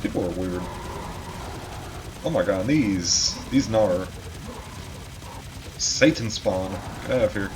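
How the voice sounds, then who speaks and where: This man's voice is fairly low and animated, moving slowly with frequent pauses as he narrates his gameplay casually, swearing occasionally and making self-deprecating jokes. Behind him you can hear game music and the clatter of a keyboard.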